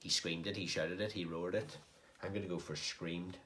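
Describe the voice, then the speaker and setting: A primary school teacher with a fairly low voice, walking young pupils through a story they are writing. He is encouraging and explains each point patiently, one step at a time. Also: steady tone, moderate pace, a bit bright, a little hiss or hum. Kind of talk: recorded home-learning lesson.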